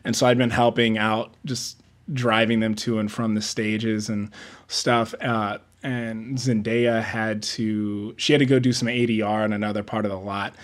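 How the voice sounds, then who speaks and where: In a casual interview, a man with a fairly low voice and moderate pace shares stories from his work as a production assistant on film sets. He's older than most entry-level peers, and he animatedly acts out quotes while laughing often.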